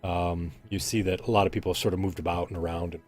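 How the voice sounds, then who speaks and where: A man with a lowish voice narrates a tabletop role-playing game as game master. He talks loosely, filling pauses and circling back as he describes the scene. Faint background music plays beneath him. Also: level tone, a little mellow. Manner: rambling, many ums and restarts.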